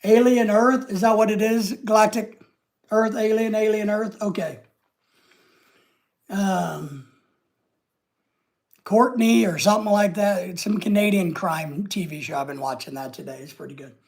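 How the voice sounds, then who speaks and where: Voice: medium pitch, a little slow, pauses often, a little mellow. A live-stream host chatting casually with viewers, rambling and trailing off at the ends of thoughts.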